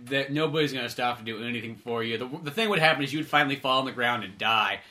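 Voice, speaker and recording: A man's voice: mid-range voice, fast talker, pushed and bright. A man hosting a casual comedy podcast, joking, swearing and jumping in with mock voices. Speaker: podcast host.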